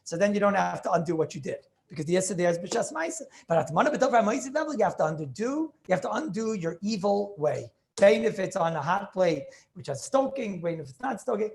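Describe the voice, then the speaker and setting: A man's voice: sits high, sing-song, brisk, creaky, few pauses, a little mellow, a little hiss or hum. A man teaching a class as a rabbi, lecturing on religious law, emphatic and thinking aloud as he questions his students over a video call.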